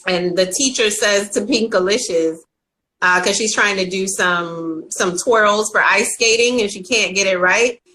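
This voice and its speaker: Bright-voiced woman hosting a live chat. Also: mid-range voice, unhurried, rough recording. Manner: earnest storytelling, acts out voices with animation. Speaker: host of a live interview show. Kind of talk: casual live video interview.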